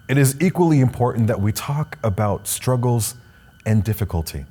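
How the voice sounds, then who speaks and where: A man's voice: fairly low pitch, dark tone. A young man from Canada, a spoken word poet, giving a motivational address and reciting poetry with rhythmic sweeping rises and falls.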